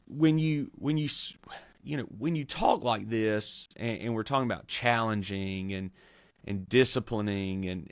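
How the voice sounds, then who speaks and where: Male pastor-host, low voice, earnest and measured, dry recording. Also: no room sound. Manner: measured, earnest, with frequent fillers and restarts. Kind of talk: conversational theology discussion.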